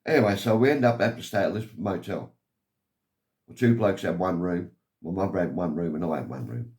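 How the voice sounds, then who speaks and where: A man's voice: low voice, expressive, fairly quick, a little mellow. An older man from England telling a long personal story in a meandering, aggrieved way. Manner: meandering, aggrieved, keeps saying "anyway". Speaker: vlogger telling his life story.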